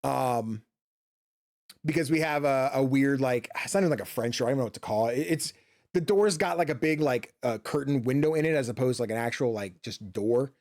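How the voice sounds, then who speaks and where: A man's voice: medium pitch, brisk, a little mellow. A man streaming a video game from his home office, chatting casually, rambling and swearing, with lots of fillers and restarts. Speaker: gaming streamer.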